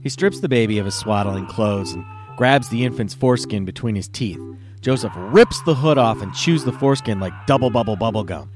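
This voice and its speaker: A man hosting a podcast, casually telling a dirty joke in a profane, animated way. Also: on the low side, brisk, soft background music. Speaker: podcast host. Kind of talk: casual comedic storytelling.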